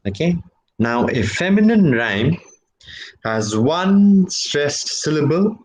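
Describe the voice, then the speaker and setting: A man giving a university lecture on poetry. He speaks slowly and deliberately, often says "okay" and "right", and draws out example words, jumping up in pitch on them. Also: low-quality recording.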